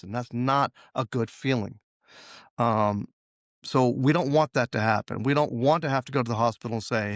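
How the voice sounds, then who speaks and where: A man's voice: medium pitch, fairly bright tone, no room sound. Male guest, consultant type, chatty storyteller voice, dry studio. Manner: storytelling, acts out quoted dialogue. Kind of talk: casual interview talk.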